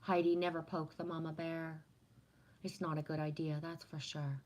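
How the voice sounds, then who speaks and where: On a livestream with slight background noise, a woman with a low voice speaks at a normal speed in a level tone. She reads viewers' comments aloud and answers each casually, warm and affirming as she muses on spiritual ideas, often checking in with "right?"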